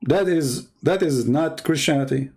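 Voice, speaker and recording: A man's voice: on the high side, unhurried, darkish tone, breathy edge. A man hosting a livestream, talking in a blunt, combative and repetitive way. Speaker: host. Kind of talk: livestream commentary.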